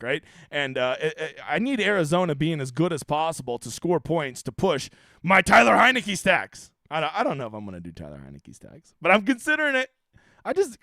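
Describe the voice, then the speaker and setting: A man's voice: high voice, no room sound, clean studio sound. A man hosting a fantasy sports stream, casually answering chat questions in a loose, profane, joking way with frequent stammers.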